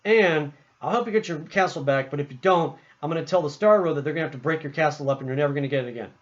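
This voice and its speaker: A man's voice: on the high side, racing, natural voice. A man voicing Mario as a confident grown hero, his delivery barely changed from his own voice. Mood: defiant. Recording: muffled lo-fi recording.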